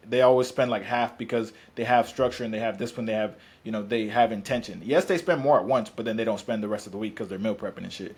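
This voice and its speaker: A man's voice: fairly low pitch, fast talker, hardly any pauses, husky. A man who works as a fitness coach, talking bluntly and profanely in casual podcast chat, rambling with restarts.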